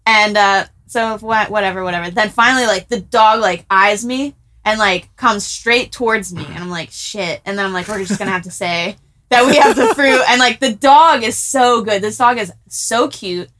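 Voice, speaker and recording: A woman's voice: mid-range voice, moderate pace, fairly bright tone, slight background noise. A young woman co-hosting a casual podcast, telling a story in a chatty way with lots of "like.". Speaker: podcast co-host. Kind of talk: casual chat.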